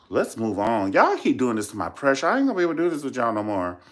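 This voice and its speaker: A man's voice: mid-range voice, wildly swooping pitch, fast talker, fairly bright tone. A man hosting a casual celebrity gossip vlog, sassy, dramatic and profane, calling his viewers "honey" again and again. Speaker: vlogger host.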